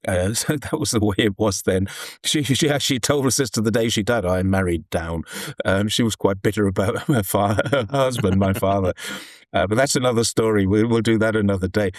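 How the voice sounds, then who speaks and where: In a lowish voice and a little fast, this British man living in China works through his views in earnest, rambling conversation with frequent restarts. The studio recording is clean, with no room sound.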